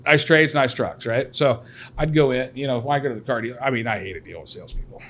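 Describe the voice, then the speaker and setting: A man guesting on a podcast, talking in relaxed casual chat, full of "you know" and "right". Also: mid-range voice, quick pace, slight background noise.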